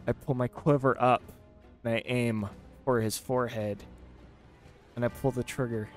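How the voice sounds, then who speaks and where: A man's voice: medium pitch, fairly even intonation, normal speed, soft background music. A man playing a tabletop game, asking hesitant questions with fillers. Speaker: player. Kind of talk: casual tabletop play.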